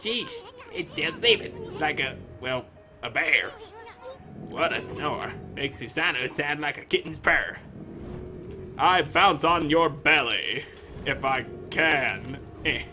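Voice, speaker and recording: A man with a fairly high, bright, forceful voice offers casual, sarcastic commentary while playing through a video game, tossing in joking asides as a gamer commentator.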